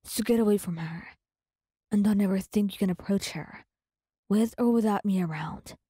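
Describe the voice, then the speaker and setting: A protective young man in whispered role-play, played by a woman, his voice a breathy, mellow hush. He speaks slowly and steadily, close to the mic in a dead-dry space. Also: mid-range voice, dry recording, lightly acted. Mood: stern. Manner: stern and protective. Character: protective young man, stern then tender.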